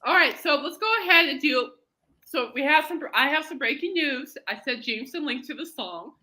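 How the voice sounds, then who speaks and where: A woman's voice: sits high, lively intonation, moderate pace, bright, forceful tone. A woman hosting a podcast, chatting casually and rambling through stories. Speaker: podcast host. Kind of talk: casual chat.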